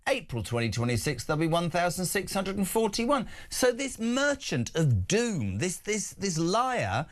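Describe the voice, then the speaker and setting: Lively indignant male talk radio host. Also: high voice, unhurried. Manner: indignant, animated, mocking impressions. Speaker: radio breakfast show host. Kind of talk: opinionated talk radio chat.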